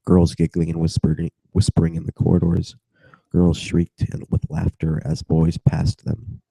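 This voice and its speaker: A man's voice: sits low, completely flat delivery, moderate pace, gravelly, dark tone, husky, no echo, low-quality recording. A young man with a cold casually reads a book aloud over video chat, drifting into giggly tangents and mumbled asides. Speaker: reader.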